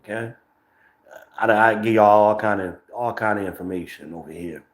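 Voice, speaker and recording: Here the host's voice sits lowish and moves at normal speed, with reverb from the room. He's a New Jersey man with the local accent, cursing and rambling brashly through livestream commentary on his podcast, captured on a phone lacking a microphone.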